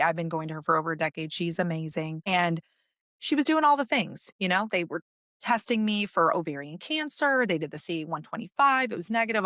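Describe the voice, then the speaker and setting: A woman's voice: lowish voice, a bit bright, no echo, studio quality. A woman in her late thirties, a podcast guest, telling her own story in conversation and acting out the dialogue as she goes. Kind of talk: personal story told in conversation.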